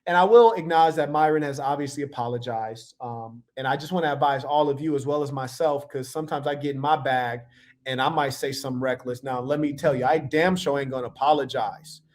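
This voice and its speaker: A man's voice: medium pitch, a little fast. A man casually reacting to video clips, telling stories in a playful, slangy way. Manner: playful, animated storytelling with slang.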